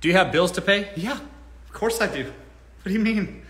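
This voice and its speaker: Blunt male host, live Q&A, high voice, lively swinging pitch, bright tone, roomy echo. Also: moderate pace. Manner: blunt, animated, swears freely. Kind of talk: casual live Q&A.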